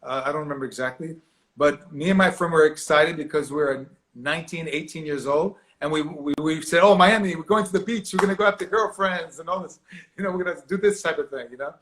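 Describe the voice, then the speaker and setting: Man, fairly high voice, lively storyteller, acts out voices, video call. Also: quick pace. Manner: animated, acts out quoted voices, laughs often. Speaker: actor guest. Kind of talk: storytelling interview.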